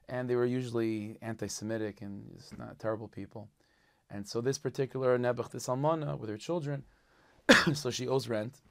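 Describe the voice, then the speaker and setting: A man telling a story as a rabbi, lively and animated, mixing Yiddish and Hebrew words into his English. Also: lowish voice, vocal fry. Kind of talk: spoken storytelling.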